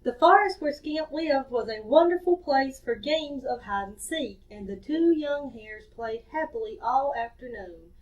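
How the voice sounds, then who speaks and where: A woman reading a story aloud to children in a cheerful, expressive way. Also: high voice, a little slow, few pauses. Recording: distant dull lo-fi recording.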